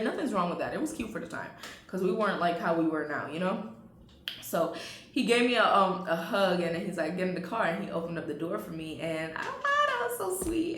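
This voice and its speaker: A woman's voice: lowish voice, fairly bright tone, a little hiss or hum. A young adult woman telling a storytime vlog, chatty and laughing, talking straight to her viewers. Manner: chatty, addresses viewers as y'all, laughs often. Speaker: vlogger. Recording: roomy echo.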